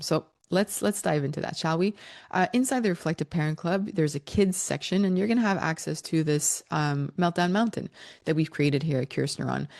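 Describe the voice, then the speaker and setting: Parenting educator, female, middle-aged, low voice, lively and chuckling as she explains. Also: gravelly. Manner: warm, animated, laughs between points. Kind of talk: explaining child development.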